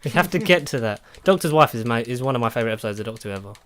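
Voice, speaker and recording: A man with an English accent co-hosting a podcast in casual chat, animated and slipping into silly impressions of lines. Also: medium pitch, racing, a crowd in the background. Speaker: podcast co-host.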